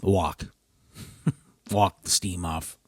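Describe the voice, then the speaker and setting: Casting: man, low pitch, dry close sound, annoyed solo podcaster who keeps losing his thread. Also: steady tone, extremely slow, dry recording. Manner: frustrated, rambling, self-interrupting. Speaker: podcast host.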